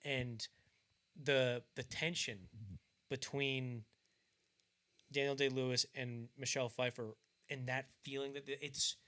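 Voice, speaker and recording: This man hosts a casual movie podcast in a medium-pitched voice that is bright and forceful yet flat in delivery, speaking slowly with frequent pauses. His talk rambles, he trips over words and starts again, and he performs quotes from scenes.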